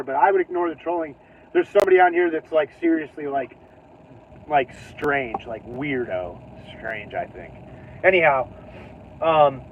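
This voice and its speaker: Driving and talking to the camera, a channel host rambles casually, laughing a lot and letting sentences trail off. His voice is a little high, and the tinny, phone-like audio carries slight background noise.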